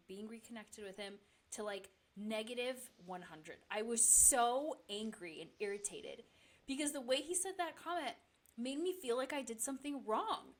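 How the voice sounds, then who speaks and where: A woman chatting casually as a podcast guest, laughing often and using many fillers. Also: on the high side. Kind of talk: casual chat.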